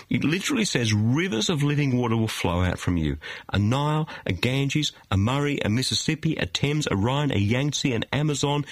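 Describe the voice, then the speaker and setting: A man delivers a studio sermon with an animated, swooping voice and a slightly husky edge. He leans on emphasis and dramatic pauses, firing off rhetorical questions. The sound is close and dry. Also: medium pitch, dry recording. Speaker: preacher.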